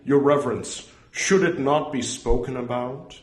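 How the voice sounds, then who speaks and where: A man's voice: medium pitch, a little slow, pitched above the performer's own voice, close to an everyday voice. A man voicing a grumbling male monk who presses another monk with accusing questions, in an echoey room. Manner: insistent questioning.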